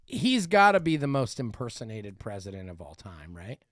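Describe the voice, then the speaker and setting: A man hosting a podcast in casual chat, animated and rambling with many restarts. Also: lowish voice, moderate pace, no room sound, clean studio sound. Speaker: podcast host.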